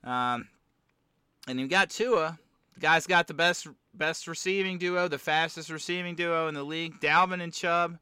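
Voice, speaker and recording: Bright, clear-voiced joking male host. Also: on the high side, normal speed, no room sound. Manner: joking, wry, rambling. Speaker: podcast host. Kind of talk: casual fantasy football chat.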